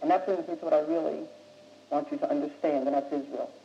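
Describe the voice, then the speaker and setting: A man's voice: on the high side, fairly even intonation, quick pace, warm tone. A young man from the United States giving an impassioned, blunt, streetwise speech to a young audience, pressing his points insistently. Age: young adult. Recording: old muffled recording in an echoey room.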